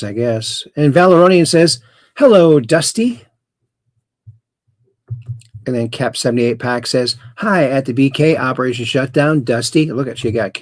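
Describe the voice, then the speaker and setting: A man's voice: mid-range voice, vocal fry, slightly rough, no echo. A middle-aged man hosting a livestream, rambling with dad jokes and reading out viewers' chat greetings. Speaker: host. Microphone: close camera mic.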